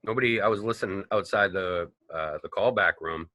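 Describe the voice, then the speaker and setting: Actor guest, lower pitch, forceful tone, loose profane anecdotes. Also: male voice, brisk, no echo. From Boston, United States. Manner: animated, profane, rambling storyteller. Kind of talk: casual interview storytelling.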